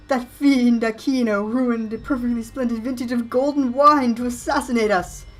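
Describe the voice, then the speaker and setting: A woman voicing a mournful, grandiose male knight ghost who speaks in archaic, theatrical drawn-out phrases. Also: a little high, pitched above the performer's own voice, natural voice. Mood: lamenting.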